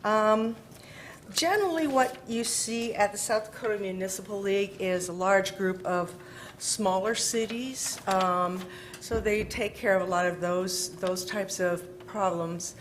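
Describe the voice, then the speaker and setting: A woman giving a measured report with ums at a city council meeting. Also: medium pitch, a little hiss or hum. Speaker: workshop attendee giving an update.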